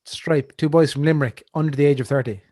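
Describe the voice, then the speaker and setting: A man's voice: a little high, steady tone, fast, dark tone, no room sound, clean studio sound. An Irish man co-hosting a marketing podcast, telling stories in a blunt, jokey, casual way. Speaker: podcast co-host. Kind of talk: casual chat. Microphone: podcast mic.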